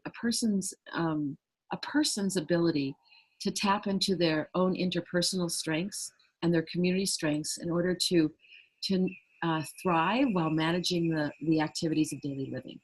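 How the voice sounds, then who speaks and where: A woman's voice: fairly low pitch, moderate pace, husky, rough recording. A middle-aged woman, a trauma resilience trainer, explaining earnestly in an interview and acting out little quoted voices. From United States.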